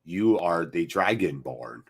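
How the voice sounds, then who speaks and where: A gruff, commanding Nord warrior chieftain from a fantasy game, as a man puts him on, his voice dropped deep and heavy. He speaks slowly and solemnly, weighing every word like a ruler addressing a stranger. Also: animated, heavily acted. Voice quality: deep, slow, grave delivery.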